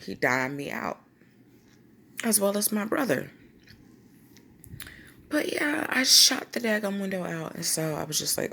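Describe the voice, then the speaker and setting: A woman vlogger telling a personal story, lively and slangy, acting out quotes. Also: medium pitch, a little slow, gravelly, pauses often, a little hiss or hum. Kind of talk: storytime vlog.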